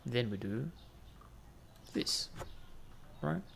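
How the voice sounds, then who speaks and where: A man's voice: mid-range voice, animated, very slow, gravelly, a bit bright, a little hiss or hum. A man giving casual, jokey commentary while playing a game, bantering with the customers on screen. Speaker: gaming video host.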